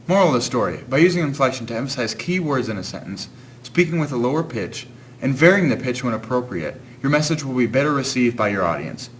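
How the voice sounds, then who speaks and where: A man narrates a student class video in a scripted, explanatory way. His pitch is average and steady. Faint noise lies beneath. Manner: explanatory, measured.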